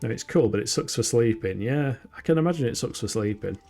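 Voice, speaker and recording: He talks fast with a lively lilt, his medium-pitched voice slightly mellow and touched with vocal fry. A northern English man from the UK, he chats casually and self-mockingly while streaming a game, laughing often, as soft music plays behind him.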